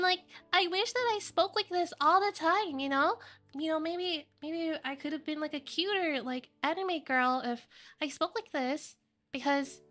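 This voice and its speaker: A woman's voice: very high-pitched, fairly bright tone, pitched above the performer's own voice. A woman putting on the sweet, sugary voice of a cute anime girl.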